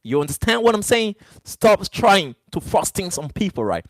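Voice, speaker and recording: Male streamer, non-native English speaker, defiant live rant to chat, pitched a bit high and very animated, dry close sound. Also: normal speed, no echo. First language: not English. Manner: defiant, repeats "brother" and "you know". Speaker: livestreamer.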